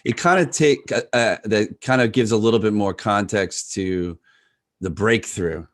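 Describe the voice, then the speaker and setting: A man's voice: on the low side, measured pace, no echo, studio quality. A man hosting and judging cold calls, chatting casually with many fillers.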